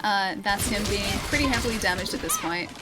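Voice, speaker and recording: A woman's voice: medium pitch, fairly quick. A woman from Melbourne with an Australian accent, chatting casually with viewers while she plays a game, rambling and self-deprecating with lots of fillers. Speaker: streamer. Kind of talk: casual live-stream chat while gaming. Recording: game music clearly heard behind the voice.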